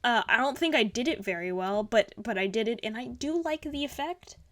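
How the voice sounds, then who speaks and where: Young woman chatting about drawings, bubbly and gushy, lots of ums, kinda high voice. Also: lively intonation, brisk, a bit bright. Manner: bubbly, gushing, rambling with fillers. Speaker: art channel host. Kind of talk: casual art critique commentary.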